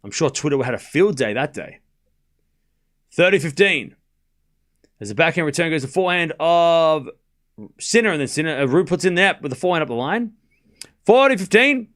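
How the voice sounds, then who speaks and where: Lively Australian host, fairly high voice, streams tennis play-by-play and banters with chat. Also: male voice. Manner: animated, chatty, quick play-by-play bursts. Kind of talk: live stream commentary chatting with viewers.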